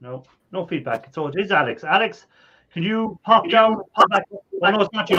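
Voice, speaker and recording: A man's voice: high voice, animated, normal speed, pushed and bright, highs cut off, a little hiss or hum. A man hosting a casual live stream over a video call, chatty, with lots of fillers and laughter. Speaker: host.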